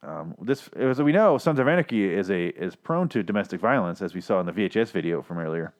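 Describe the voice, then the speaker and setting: A man's voice: deep voice, animated, fast. Profane ranting man recapping a show. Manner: profane, ranting, rambling with restarts; self-deprecating asides. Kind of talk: casual episode recap.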